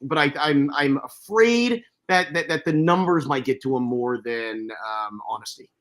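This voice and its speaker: A man's voice: mid-range voice, animated, unhurried, a bit bright. A man co-hosting a podcast, earnest and hedging with fillers in casual discussion. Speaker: podcast co-host.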